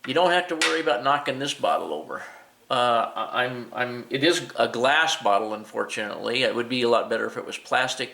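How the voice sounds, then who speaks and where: A man's voice: mid-range voice, creaky, bright, forceful tone. A middle-aged man who runs a hobby shop, casually reviewing and demonstrating a modeling product, rambling with many fillers and restarts. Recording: echoey room.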